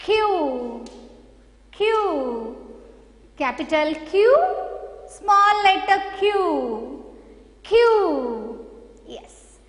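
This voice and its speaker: A very high-pitched woman teaches small children English in a slow, coaxing, sing-song way. Her voice rings in an echoey room with a long reverb tail. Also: lively intonation, fairly bright tone. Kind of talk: online children's English lesson.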